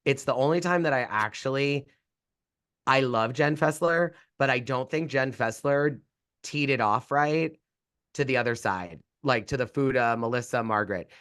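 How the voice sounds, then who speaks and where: A man's voice: medium pitch, moderate pace, fairly bright tone, smooth. Easygoing male podcast host. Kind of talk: casual chat.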